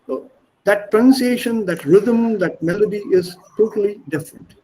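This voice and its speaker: A man's voice: sits high, moderate pace, warm tone, slight background noise, rough recording. A middle-aged man with an Indian accent teaching an online class over a video call, explaining at length, repeating himself and spelling words aloud. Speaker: language teacher.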